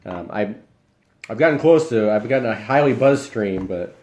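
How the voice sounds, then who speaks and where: Talking at a normal speed in a lowish voice, this young Iowan eats while he rambles easily with his stream audience and responds to what they comment.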